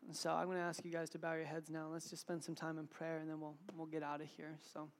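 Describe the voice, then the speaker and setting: This young man's informal evening sermon comes quickly, in a slightly high voice. He chats loosely with plenty of filler words and acts out the stories he retells with energy.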